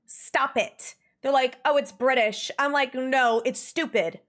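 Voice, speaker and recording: A young woman chats with her stream viewers in a loose, casual way. Her voice sits a little high, and she rants in an exasperated, animated tone. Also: moderate pace, few pauses. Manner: animated, exasperated ranting with laughs. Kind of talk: casual livestream chat.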